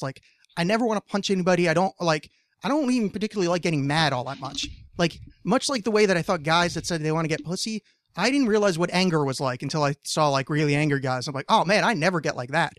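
A man's voice: a little high, fairly bright tone, dry recording. A man from New Jersey hosting a casual podcast chat, rambling and profane, stammering through many restarts. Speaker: podcast host.

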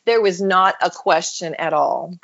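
She's an American woman guesting on a podcast, animatedly relating a personal story and acting out the voices of those she quotes. Her fairly low voice is unhurried with vocal fry, and the highs are cut off.

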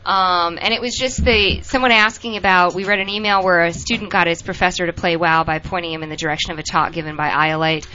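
A woman's voice: lowish voice, fairly even intonation, fast, few pauses, bright, forceful tone. A woman co-hosting a casual podcast, reading listener emails aloud and stumbling over names with a laugh. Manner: laughing, self-interrupting while tending a child. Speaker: podcast co-host. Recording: dull lo-fi podcast audio.

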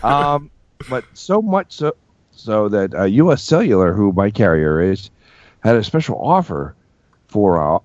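A man's voice: lowish voice, very animated, a little slow, darkish tone, lo-fi sound. A man co-hosting a podcast, joking and swearing casually while he has the hiccups. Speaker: podcast co-host. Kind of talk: casual chat.

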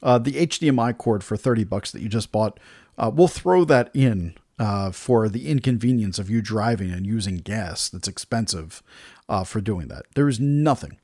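Gravelly man telling an exasperated story. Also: fairly low pitch, animated, moderate pace, a little mellow, no room sound, clean studio sound. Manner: exasperated, retells dialogue in other voices. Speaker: podcast host. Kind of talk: casual storytelling rant.

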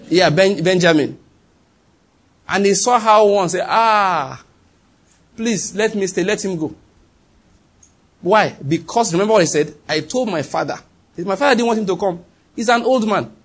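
Male preacher, high husky voice, animated sermon delivery with acted-out quotes and loud-to-hushed swings.

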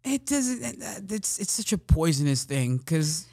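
A man's voice: on the high side, sing-song, a little slow, vocal fry, warm tone, slightly rough, no echo, clean studio sound. A man, a comedian guest in a casual chat, who jokes around, laughs often and slips into playful voices. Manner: laughs often, jokey and loose with playful impressions.

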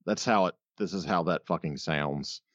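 A man co-hosting a casual podcast, wry and deadpan, cursing casually and cracking puns. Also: sits low, moderate pace, no room sound, lo-fi sound. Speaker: podcast co-host. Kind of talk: casual chat.

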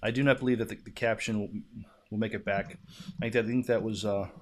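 A man co-hosting a podcast, reading listener comments in a measured, halting way. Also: on the low side, steady tone. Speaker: podcast co-host.

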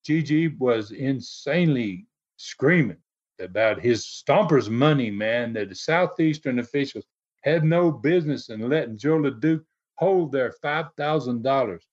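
A man with a mid-range, somewhat dark voice rambles through stories about wrestling TV in a casual chat, dropping "man" and "uh" between phrases. His intonation is lively and his pace measured, captured on dull lo-fi audio.

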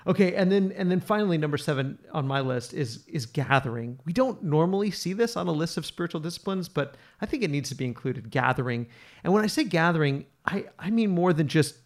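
A man's voice: a little high, lively intonation, fairly quick. A man hosting a Bible study podcast, talking in an earnest, teacherly way and often repeating words as he thinks. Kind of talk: casual Bible study talk.

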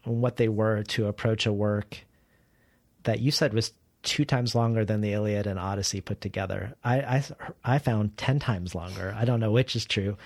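A man's voice: lowish voice, a little mellow, no echo. A man interviewing an author, asking long, careful questions with small restarts.

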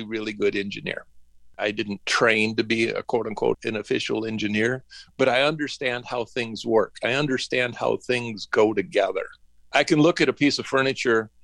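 A man's voice: medium pitch, gravelly, a bit bright, no echo. A middle-aged man from northern Michigan, an interview guest telling rambling, folksy stories about his working life and acting out the dialogue. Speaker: interview guest, woodworking business owner. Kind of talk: casual storytelling interview.

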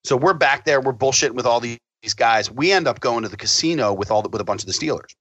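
Man, casual storyteller, swears freely and acts out quotes, bright forceful voice, dry sound. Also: mid-range voice, fast, dry recording, lo-fi sound. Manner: profane, animated storyteller acting out quotes.

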